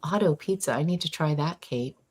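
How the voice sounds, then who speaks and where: A woman's voice: low-pitched, a little fast, slightly rough. A woman with a Boston accent co-hosting a live pen show stream, chatting casually and reading out viewer comments. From Boston area. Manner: enthusiastic, reads viewer comments aloud.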